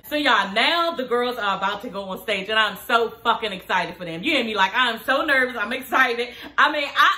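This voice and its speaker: A woman's voice: fairly high pitch, bright, forceful tone, roomy sound. A woman in her thirties chatting casually to her viewers in a vlog, frank and profane, calling them honey and girl. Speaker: TV show reviewer.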